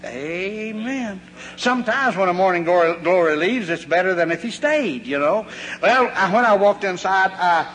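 A man preaching a folksy sermon, telling homespun stories and acting out the voices in them. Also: high voice. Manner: homespun, animated, acts out voices in anecdotes. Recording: long hall reverb, faint hum.

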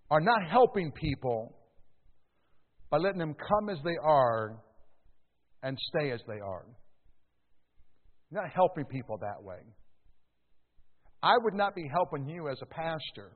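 A male pastor preaching a sermon, with sudden loud rises and slow stressed words. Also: medium pitch, breathy edge. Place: church sanctuary. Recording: echoey hall, tinny phone-like sound.

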